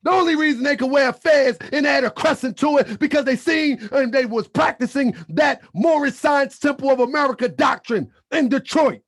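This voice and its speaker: A man hosting his channel, preaching in a fiery monologue with shouted, repeated lines and colloquial talk, a little under the weather. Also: very high-pitched, normal speed, hardly any pauses. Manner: colloquial, drops into muttered asides. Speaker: channel host.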